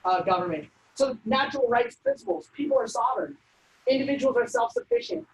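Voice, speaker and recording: A woman presenting a civics workshop, lecturing in a brisk, conversational way with frequent ums and uhs. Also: high voice, wildly swooping pitch, rough recording. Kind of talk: informal lecture.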